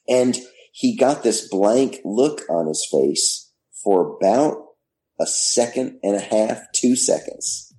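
A man's voice: lowish voice, expressive, slow, warm tone, poor audio. A man guest telling casual anecdotes in a rambling way, full of "you know" fillers. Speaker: guest, former TV host.

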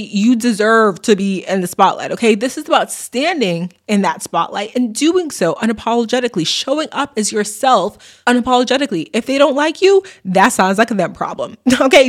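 A woman hosting an astrology channel, giving a motivational talk to camera in a playful, animated way, calling viewers baby and dropping slangy asides. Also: fairly high pitch.

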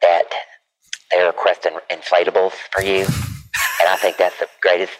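A man's voice: low voice, completely flat delivery, moderate pace, fairly bright tone, no room sound, rough recording. A man voicing a rambling, doting elderly aunt, calling in on a speakerphone. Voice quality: meandering, gossipy, loses the thread. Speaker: caller. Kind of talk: comedic phone-call character bit. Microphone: phone on speaker. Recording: speakerphone call with background noise.

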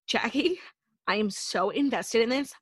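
Young female co-host, high-ish voice, outspoken, casual swearing, dry recording. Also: fairly quick, fairly bright tone, no room sound. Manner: opinionated, blunt, swears casually. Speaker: podcast co-host. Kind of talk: casual chat.

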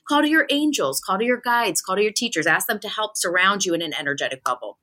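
A young adult woman, a spiritual medium, chatting casually on a podcast, telling animated stories and acting out the voices of the people in them. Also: medium pitch, quick pace, hardly any pauses.

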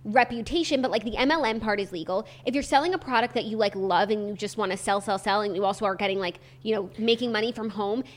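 A woman's voice: mid-range voice, fast talker, hardly any pauses. A young woman co-hosting a podcast, chatting casually with a dry, teasing manner. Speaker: podcast co-host. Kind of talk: casual chat.

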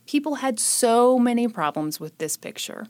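A woman's voice: fairly high pitch, lively intonation, normal speed, darkish tone. A young woman hosting a podcast, telling a true-crime story in a casual, sarcastic way. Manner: sarcastic, joking. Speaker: podcast host.

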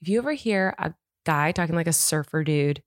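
A woman from California with a notably low voice, chatting with her partner on a podcast. She tells her story in a loose, giggly way. The sound is dry and close, with no room in it. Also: animated, a little fast, no echo. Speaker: podcast co-host. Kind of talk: casual chat.

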